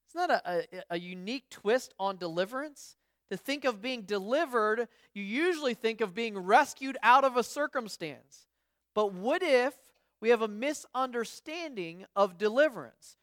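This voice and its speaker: Studio-quality audio with no room sound captures a woman pastor whose voice sits a little high. Telling stories in a conversational sermon, she frequently starts over and acts out other people's words.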